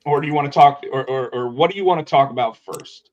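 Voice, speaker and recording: The highs are missing from this recording of a fast-talking podcast co-host with a mid-range voice. He's an animated storyteller in a casual chat, acting out the quotes as he goes.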